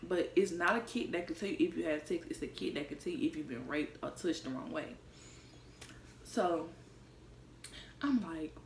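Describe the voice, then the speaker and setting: A woman's voice: lowish voice, lively intonation, moderate pace, pauses often, a little hiss or hum. A young woman vlogging, telling a personal story in a candid, profane, conversational way. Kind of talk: casual storytime vlog. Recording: roomy, mic set far off.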